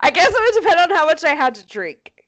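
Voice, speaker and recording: A woman co-hosting a casual chat, telling a story in an animated, profane, self-mocking way. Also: extremely high pitch, fast, no echo, lo-fi sound. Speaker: podcast co-host.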